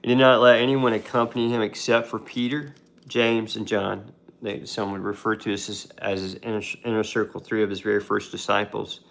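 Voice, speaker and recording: Guy with a low creaky voice, retelling a bible story casual style, lots of ums and restarts. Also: little pitch movement, brisk, fairly bright tone. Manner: conversational, with fillers and restarts. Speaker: devotional video host.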